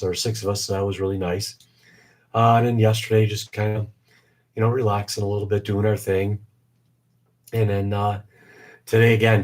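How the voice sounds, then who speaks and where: A man in his forties hosting a casual live stream, rambling with many fillers, his voice weak and short of breath. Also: lowish voice. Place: home basement shop.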